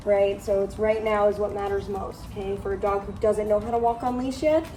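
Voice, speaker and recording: A woman's voice: medium pitch, fairly even intonation, fairly quick, warm tone, echoey room, distant mic, slight background noise. A woman dog trainer giving a training demonstration outdoors, praising the dog and explaining to owners. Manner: praising, instructive, coaching. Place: outdoors on a driveway or street.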